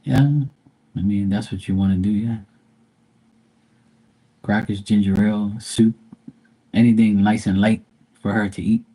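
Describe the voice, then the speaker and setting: Man, live-stream host, blunt, profane, rambling chat, dark mellow tone. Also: lowish voice, steady tone, measured pace, long pauses, slightly rough. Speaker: livestream host.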